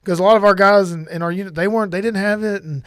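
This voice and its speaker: A man's voice: sits high, steady tone, fast, fairly bright tone, dry recording, studio quality. A middle-aged man earnestly telling a personal story on a podcast, rambling and often restarting his sentences. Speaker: podcast guest sharing testimony.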